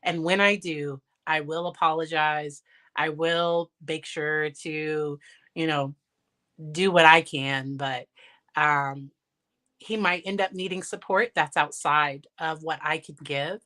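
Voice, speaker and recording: A woman's voice: deep voice, steady tone, takes it slowly, bright, forceful tone. A woman psychologist talking casually in a livestream Q&A, chatty and candid, laughing often and restarting sentences, recorded on her phone. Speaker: licensed psychologist and parent.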